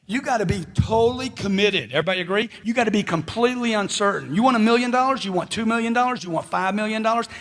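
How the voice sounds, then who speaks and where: Man, motivational speaker, high voice, loud, punchy, rhetorical questions, handheld mic. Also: quick pace, few pauses, in a large hall. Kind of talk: live motivational speech.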